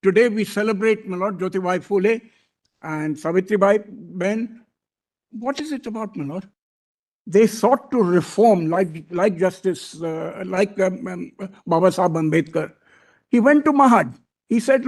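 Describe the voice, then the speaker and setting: Older man, high voice, formal court argument, deferential, keeps saying my lord. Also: measured pace, a little mellow. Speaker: senior advocate arguing before a court.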